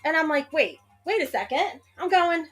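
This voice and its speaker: A woman telling an animated story in a casual group chat outdoors, acting out quotes and laughing often. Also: high-pitched, normal speed, soft background music, poor audio. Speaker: friend telling a story on a livestream. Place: outdoor gazebo by a grill.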